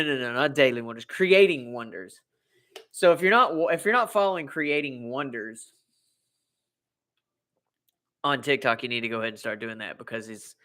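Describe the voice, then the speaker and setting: Bright-voiced rambling American man live. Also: medium pitch. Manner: rambling, repeats himself. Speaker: livestream host. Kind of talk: casual live chat.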